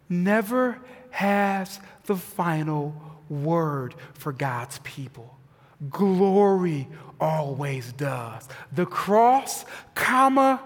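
A man in his thirties preaches slowly and deliberately, his voice sitting high for a man. He pushes some phrases out hard and drops others to a hush. The sound rings with the long reverb of a large church hall. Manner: emphatic preaching, swings from loud to hushed. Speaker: pastor. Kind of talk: sermon.

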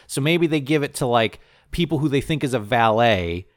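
An animated man talks through a movie plot with a friend, jumping into quick character voices and swearing for laughs. His voice sits at an average pitch and sounds close and dry, with no room around it. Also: dry recording. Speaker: podcast co-host recapping a movie. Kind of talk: casual comedic chat.

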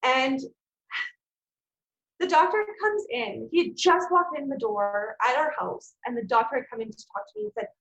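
A woman, guesting on a podcast and telling a personal story in a frank, blunt, animated way, swearing freely. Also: high voice, normal speed, roomy sound, rough recording. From Canada. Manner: animated, acts out quoted people. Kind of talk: casual storytelling.

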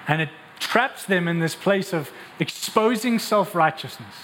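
A man preaching a sermon, telling the story in an animated, emphatic way. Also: high voice, unhurried, in a large hall, a little hiss or hum, poor audio. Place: church hall.

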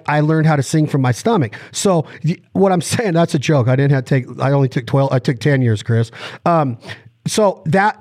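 Jokey, high-ish male podcast host, dry close sound, animated teaching. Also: no room sound. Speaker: podcast co-host and duck caller. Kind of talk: casual podcast explanation. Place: driving in a car.

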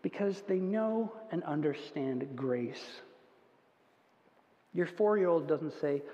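A man's voice: fairly high pitch, lively intonation, slow, pauses often, warm tone. A man preaching a conversational sermon, acting out whiny children as he goes. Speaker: pastor. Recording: long hall reverb, dull lo-fi sound.

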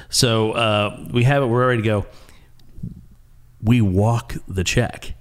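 A man telling a long casual anecdote in an animated way, often restarting and repeating words. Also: lowish voice, unhurried, long pauses.

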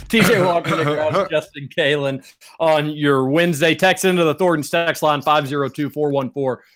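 A man's voice: fairly high pitch, moderate pace, fairly bright tone, faint music behind. A young man co-hosting a sports radio show in a studio, chatting casually and reading ads with upbeat emphasis. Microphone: studio microphone.

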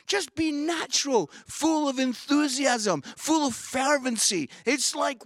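Brief: male pastor, high-set voice, bright and forceful, enthusiastic sermon delivery. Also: a little slow, hardly any pauses, no echo, clean studio sound. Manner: enthusiastic, swings between excited outbursts and soft pleading. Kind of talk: sermon to an online audience.

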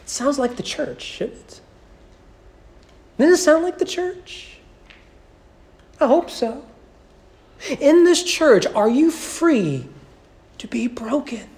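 A man preaching a sermon in a church, conversational and full of rhetorical questions, slowing to a hush at key points. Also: extremely high pitch, very animated. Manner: conversational, keeps asking "right?". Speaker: pastor.

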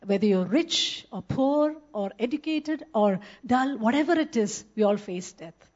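A woman giving a sermon, reading scripture and slowing down to stress key words. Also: a little high, expressive, darkish tone. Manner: earnest, slows down to stress scripture. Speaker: preacher. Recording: slightly muffled, lo-fi.

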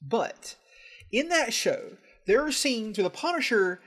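A young man co-hosting a podcast, animated and mock-outraged, swearing freely in casual chat. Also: very high voice, measured pace. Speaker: podcast co-host.

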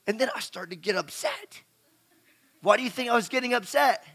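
Man, middle-aged, preacher, sermon, conversational, questions to audience, high bright voice. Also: a little fast. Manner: conversational, asks the crowd questions, repeats words.

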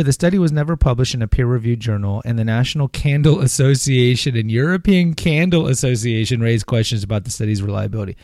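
Gravelly, low-voiced podcast host. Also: male voice, a little mellow, no room sound, clean studio sound. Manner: rambling, sarcastic asides, reads then riffs. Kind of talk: casual commentary on health topics.

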